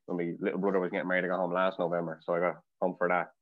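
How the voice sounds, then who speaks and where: A man's voice: deep voice, completely flat delivery, racing, dry recording, phone-quality sound. An Irish man living abroad, a guest in a casual chat, talking in a chatty storytelling way. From Ireland. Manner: chatty, storytelling with acted quotes.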